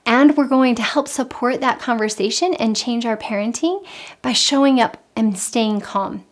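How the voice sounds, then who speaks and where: A woman giving calm, earnest parenting advice in an instructional talk, repeating her key points. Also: on the high side, moderate pace. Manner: calm, earnest, with frequent repetition. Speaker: parenting coach.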